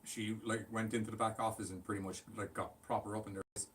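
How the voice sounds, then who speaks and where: Lower-voiced man, joking co-host. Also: flat delivery, quick pace. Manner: joking, does mock voices, offhand. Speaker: podcast co-host. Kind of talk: casual wrestling chat. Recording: distant mic with faint ambient noise.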